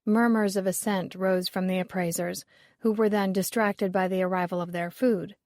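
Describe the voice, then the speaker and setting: Reading from a scripted mystery audiobook, a woman narrates at medium pitch with steady, even pacing. The studio-quality recording carries no room sound.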